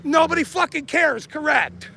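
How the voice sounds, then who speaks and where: A man livestreaming outdoors in a parking lot on a handheld camera, taunting people, shouting insults and laughing often. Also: very high-pitched, animated, moderate pace, vocal fry, noisy background. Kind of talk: livestream rant.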